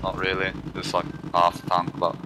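A young man making excited callouts in casual gaming chat over a voice call, calling everyone mate. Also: deep voice, normal speed, background noise.

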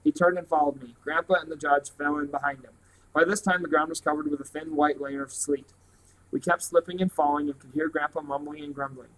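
Male reader, slightly high voice, steady storybook read-aloud. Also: a little fast, a little hiss or hum, rough recording. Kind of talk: reading a novel aloud.

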